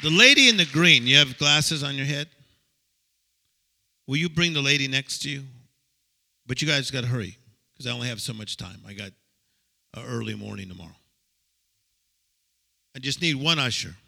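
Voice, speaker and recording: Bright, gravelly-voiced excitable male preacher. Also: medium pitch, moderate pace, pauses often. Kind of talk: lively sermon to a live audience.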